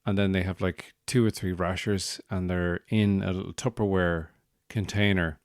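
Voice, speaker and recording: Deep-voiced Irish man telling a comic story. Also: fairly even intonation, moderate pace, no echo, studio quality. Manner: rambling, digressive, wry. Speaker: podcast host.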